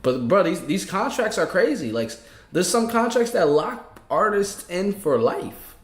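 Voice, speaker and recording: A man's voice: high voice, very animated, a little slow. A man in a casual podcast chat, talking in a conversational, incredulous way. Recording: echoey room.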